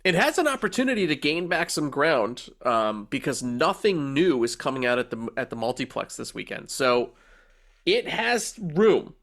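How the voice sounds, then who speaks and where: A man's voice: medium pitch, very animated, fairly bright tone. Sniffly joking man co-hosting a podcast. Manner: jokey, swearing, quick to laugh. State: sniffly from allergies. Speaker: podcast co-host. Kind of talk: casual movie review chat.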